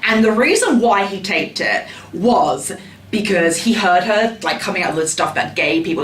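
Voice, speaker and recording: A man's voice: high-pitched, expressive, normal speed, a bit bright, a little hiss or hum. A man, a tabloid journalist, telling candid, gossipy, profane stories in an interview. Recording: roomy sound, distant mic.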